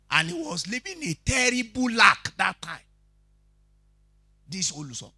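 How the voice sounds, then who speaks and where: A Yoruba-speaking Nigerian man teaches a Bible study sermon in a preachy style, questioning his listeners and telling animated stories. His voice is high-pitched and breathy, slow with long pauses, recorded clean in a studio with no room sound.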